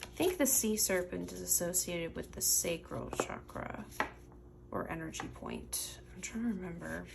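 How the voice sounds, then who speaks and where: A woman's voice: lowish voice, normal speed, vocal fry, background noise. A sleepy woman doing a casual tarot reading, rambling and thinking aloud with lots of fillers. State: sleepy, yawning late at night. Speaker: tarot reader. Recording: cards shuffling and clicking behind.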